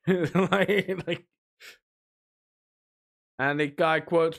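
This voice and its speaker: Guy streaming, gravelly and a bit high, swears a lot and mocks people. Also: unhurried, pauses often, pushed and bright. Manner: mocking, sweary, puts on whiny voices to mock. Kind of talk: ranting commentary stream.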